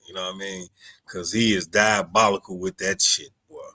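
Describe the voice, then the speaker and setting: A man's voice: low voice, steady tone, moderate pace, bright, forceful tone, no echo. A man co-hosting a podcast in casual chat, emphatic and slangy, often checking the listener follows. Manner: emphatic, slangy, keeps asking "you understand". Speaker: podcast co-host.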